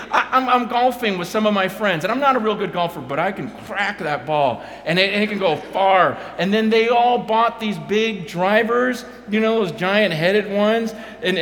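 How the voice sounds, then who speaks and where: A pastor telling animated stories, swinging from quiet asides to loud bursts and repeating his words as he goes. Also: sits high, reverberant, slight background noise. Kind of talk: animated storytelling talk.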